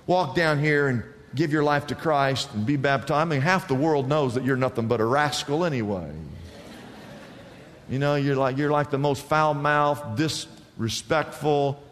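A man preaching a sermon as pastor, acting out voices with big swings in pitch. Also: moderate pace. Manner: animated, acts out characters with big pitch swings. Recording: long reverb of a large hall.

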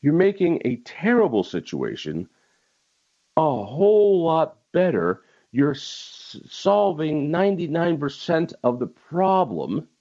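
A man's voice: fairly high pitch, big pitch swings, slow, warm tone, lo-fi sound. A man hosting a talk radio show, delivering a heated political monologue and stressing key words by repeating them.

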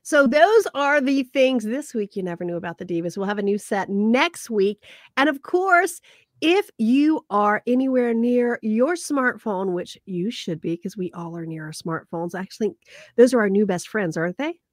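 A woman co-hosting a podcast in casual chat, animated and chatty, often laughing. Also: medium pitch, moderate pace, no room sound, clean studio sound. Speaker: podcast co-host.

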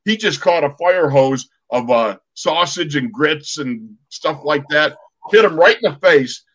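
A man in his sixties with a fairly high voice spins a lively story on a podcast. He plays out the sounds and voices as he goes, in the easy way of a former football player among old teammates. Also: measured pace. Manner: lively, acts out sounds and quotes. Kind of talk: animated storytelling.

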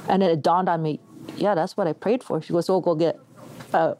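Middle-aged woman from Canada, interview guest, lowish voice, animated storyteller who acts out quotes. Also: brisk, slight background noise. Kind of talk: telling a personal testimony.

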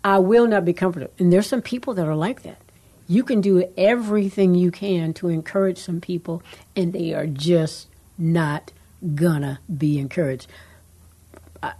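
A woman co-hosting a casual faith talk show, rambling and earnest, trailing off into soft asides. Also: fairly low pitch, breathy edge. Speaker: co-host.

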